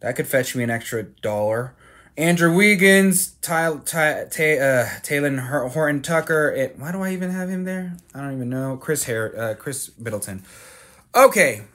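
A man's voice: on the high side, lively intonation, normal speed, a bit bright. A man hosting his own card-collecting channel, chatting casually as he reads out each card name and cracks self-mocking jokes. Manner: reads card names aloud, jokey and self-mocking, with fillers and restarts. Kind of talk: casual card-opening commentary.

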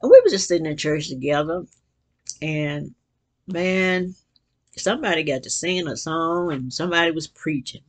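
A woman's voice: deep voice, normal speed. An older woman in earnest, rambling reflection. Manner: earnest and rambling, with frequent restarts and bursts of excitement. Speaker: vlogger reading and reflecting on quotes. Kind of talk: casual spiritual reflection.

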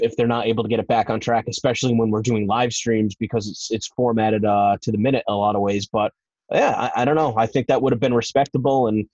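A male podcast host in a casual interview who rambles and thinks aloud between questions. His voice sits at a middle pitch, recorded dry and a little dull, with a lo-fi edge. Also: a little mellow, dry recording. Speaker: podcast host and wrestling promoter.

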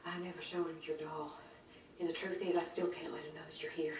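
An actress playing a secretive woman speaking in a hushed way in a TV drama. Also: low-pitched, little pitch movement, a little fast, recorded from a distance, slight background noise, lightly acted. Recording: show audio from afar in a roomy space.

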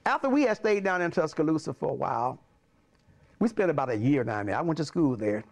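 Older pastor telling his stories; animated and chuckling, with a lively, rather high voice. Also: fairly quick. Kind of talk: personal storytelling.

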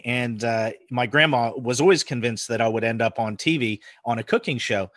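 A man in his forties from the United States with an American accent softened by New Zealand, chatting casually as a podcast guest and laughing often. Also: medium pitch, a little fast, hardly any pauses, dry recording, studio quality. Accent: American with New Zealand influence. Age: 40s. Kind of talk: casual chat.

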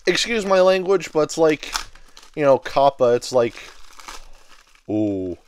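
A man of twenty rambling excitedly with many fillers while unboxing collectible figures in a casual vlog. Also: medium pitch, slow, long pauses, smooth. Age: 20s. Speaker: toy reviewer.

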